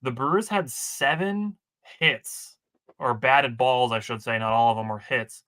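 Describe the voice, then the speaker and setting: A man from Wisconsin talks baseball on a casual podcast, running through plays and numbers from his notes. His voice is bright and forceful, with the odd dry joke. He sits at a middling pitch. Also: unhurried. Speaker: podcast co-host. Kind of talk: casual sports chat.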